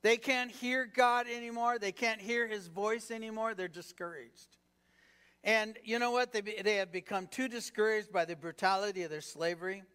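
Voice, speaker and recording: A man's voice: high voice, steady tone, normal speed, pushed and bright, clear, resonant tone. A man preaching a sermon in a conversational way, firing rhetorical questions at the congregation and filling gaps with "you know". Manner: peppered with "you know" fillers. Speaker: pastor.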